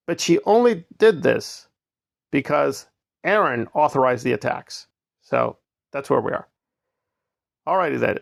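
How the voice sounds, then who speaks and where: A man's voice: on the high side, expressive, moderate pace, creaky, a bit bright, no echo, studio quality. A man giving opinionated, sarcastic commentary, emphatic and repetitive as he makes his points. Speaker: commentary vlogger. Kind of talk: opinionated commentary on online drama.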